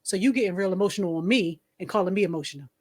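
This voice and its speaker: A woman's voice: on the low side, very fast, husky. A woman co-hosting a podcast, speaking in a blunt, emphatic and dismissive casual chat. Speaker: podcast co-host.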